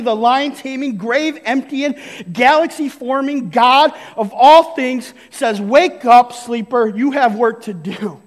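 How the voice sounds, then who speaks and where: A man's voice: extremely high pitch, in a large hall. A man preaching a sermon as pastor, emphatic and punctuated with "right?" and short laughs. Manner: emphatic, frequent "right?" tag questions, laughs between points. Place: church hall.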